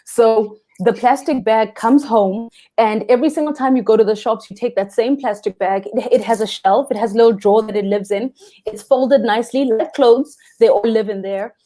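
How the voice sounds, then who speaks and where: Mellow-voiced South African woman guest. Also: a little high, moderate pace. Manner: earnest, expressive, speaks of the ocean lovingly. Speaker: freediving instructor, guest. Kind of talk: live interview chat.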